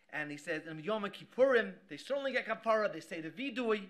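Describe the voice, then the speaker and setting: A man, a rabbi, giving a Torah class with animated storytelling, often repeating himself as he goes. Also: high voice. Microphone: live stream mic.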